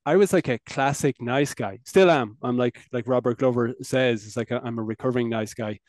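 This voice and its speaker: A man's voice: medium pitch, a little fast, darkish tone, dry recording. Irish man, podcast guest, candid and good-humored, medium voice, dry recording. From Ireland. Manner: candid, laughs often, stammering restarts. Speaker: podcast guest, men's coach. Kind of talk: casual interview chat.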